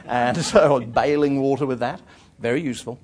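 A man, an author, telling travel anecdotes to an audience in a lively, self-deprecating way, often restarting his phrases. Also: medium pitch, brisk. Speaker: author giving a talk.

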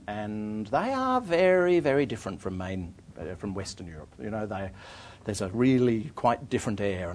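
A middle-aged Englishman tells a travel anecdote to an audience, wandering and restarting, poking fun at himself along the way. His pitch sits mid-range but moves a great deal. There is a faint hiss of room noise underneath. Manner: rambling, self-deprecating, frequent restarts. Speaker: author giving a talk.

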